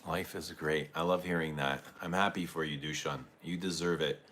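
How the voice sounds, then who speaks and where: A man's voice: rumbling low, steady tone, moderate pace, a bit bright, slight background noise. A man hosting a casual livestream about perfume, chatting with viewers and reading their comments aloud.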